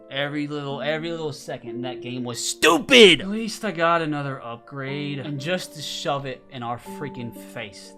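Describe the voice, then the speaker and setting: A young man hosting a gaming channel, giving excited gameplay commentary to his viewers, swinging between loud outbursts and frustrated muttering. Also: a little high, moderate pace, soft background music. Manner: talks to viewers as "fellas".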